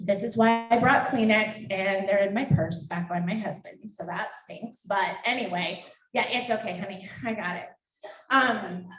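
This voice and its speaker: A woman's voice: mid-range voice, normal speed, fairly bright tone. Tearful woman making a fundraising appeal. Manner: tearful, laughing, chatty. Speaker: fundraising event speaker. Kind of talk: emotional live fundraising appeal. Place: event hall. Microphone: handheld microphone. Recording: echoey hall, distant mic.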